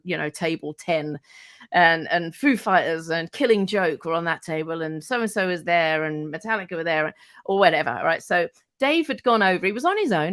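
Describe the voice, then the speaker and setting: A middle-aged woman, a radio presenter telling casual anecdotes as a podcast guest, animated and freely swearing. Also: on the low side. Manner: animated, acts out quoted voices, swears freely.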